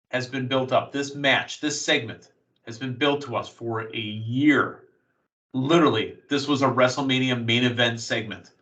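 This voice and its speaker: A man hosts a casual wrestling recap with a bright, forward tone. He tells events like excited play-by-play. His voice sits somewhat far from the microphone. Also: medium pitch. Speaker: podcast host.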